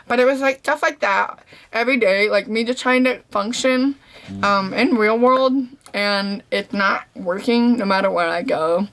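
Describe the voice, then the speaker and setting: A young deaf woman chatting casually to camera, telling stories in a slangy, animated way and acting out what people said. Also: medium pitch. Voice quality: deaf speaker's voice. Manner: animated storytelling, slangy, acts out quotes. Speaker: vlogger. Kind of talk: casual talking-to-camera recap.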